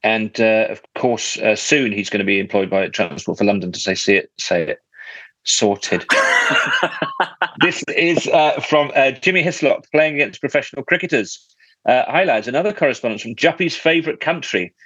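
A man's voice: medium pitch, moderate pace, fairly bright tone, dry recording, muffled recording. A man hosting a casual podcast, reading out listener letters with a jokey, teasing manner. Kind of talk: casual chat.

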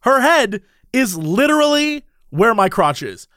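A man's voice: very high voice, a little slow, no echo, clean studio sound. A man chatting casually on a podcast, telling a story with lots of laughs and playing out the other people's lines himself. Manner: animated, laughs often, acts out quoted voices.

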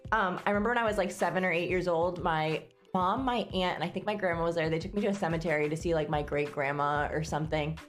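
Woman co-host, lowish voice, earnest and chatty, loose casual delivery. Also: steady tone, fast, few pauses, faint music behind. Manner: chatty, earnest, full of fillers. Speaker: podcast co-host. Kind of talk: casual chat.

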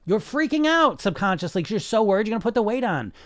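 A man's voice: high-pitched, big pitch swings, fairly bright tone, no room sound, studio quality. A man coaching weight loss in an emphatic monologue, swearing freely and firing off rhetorical questions. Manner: emphatic, profane, rapid talk with rhetorical questions. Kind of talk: podcast monologue.

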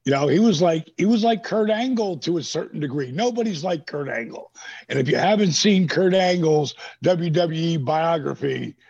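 A middle-aged man telling animated, profane stories on a podcast, acting out the voices of people he quotes. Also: on the high side, normal speed, vocal fry, breathy edge. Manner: animated, profane storyteller who acts out quotes. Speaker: guest. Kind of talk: casual storytelling. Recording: dull lo-fi podcast audio.

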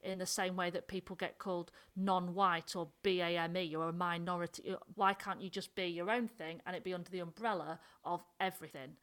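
A woman from North Yorkshire with a Yorkshire accent, talking in a casual, animated discussion. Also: lowish voice, a little fast, hardly any pauses. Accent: Northern English, Yorkshire. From North Yorkshire, England.

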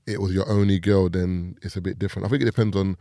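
A man's voice: low-pitched, level tone, quick pace, mellow, no room sound, clean studio sound. A young man with a London accent, a podcast guest talking things through in a thoughtful, laid-back casual chat. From England.

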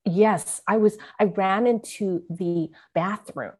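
A woman from San Francisco, a guest author, reads from her own memoir and talks it through. Her storytelling is earnest and vivid, with strong emotional emphasis. Her voice sits at a middling pitch. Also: slow pace, a little mellow, breathy edge. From San Francisco, USA. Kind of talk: memoir reading mixed with conversation.

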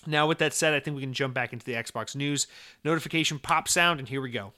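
A man hosting a casual gaming podcast, talking in an animated way with plenty of swearing and sudden exclamations. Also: mid-range voice, fast talker, noisy background. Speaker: podcast host.

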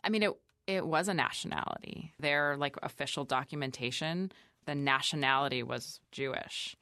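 A woman in her thirties, a chef and restaurant owner, talking casually in an interview, full of "like" fillers and quoting people in lively voices. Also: deep voice, moderate pace, dry recording, studio quality.

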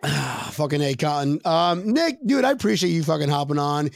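Man, podcast host, high pitch, gravelly fry, dry close sound, joking and profane. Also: lively intonation, normal speed, dry recording. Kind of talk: casual podcast chat.

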